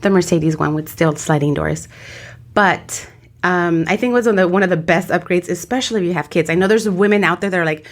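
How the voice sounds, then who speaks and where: Chatty low-voiced woman co-host. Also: a little fast. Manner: chatty, laughing, mixes in Spanish phrases. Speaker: podcast co-host. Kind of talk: casual chat.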